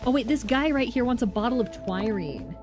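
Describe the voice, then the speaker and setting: A woman streamer chatting excitedly to herself as she plays a video game and reads out its dialogue. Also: on the high side, fairly quick. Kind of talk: casual game commentary with read-out dialogue. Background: game music.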